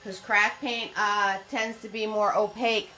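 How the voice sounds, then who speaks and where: A woman's voice: mid-range voice, flat delivery, measured pace, bright, forceful tone. A woman teaching a live painting lesson, chatting and greeting viewers by name with pet names like sweetie and hon. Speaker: painting instructor. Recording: echoey room with faint music.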